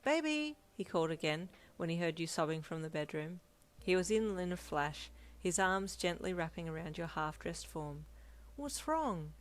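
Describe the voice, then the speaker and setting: A woman reading a second-person romance story aloud with calm, even pacing. Her voice sits on the lower side for a woman. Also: moderate pace. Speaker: narrator.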